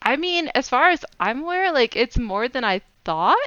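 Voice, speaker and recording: High, excitable woman. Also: moderate pace, clean tone, no echo, highs cut off. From United States. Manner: excitable, laughing. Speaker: podcast guest. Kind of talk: casual chat.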